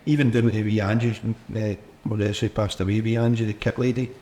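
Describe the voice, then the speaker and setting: Scottish man, lowish voice, chatty storyteller, podcast guest, casual. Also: flat delivery, fast talker, warm tone, a little hiss or hum. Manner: chatty anecdotes with laughs and mimicry. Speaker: former footballer guest.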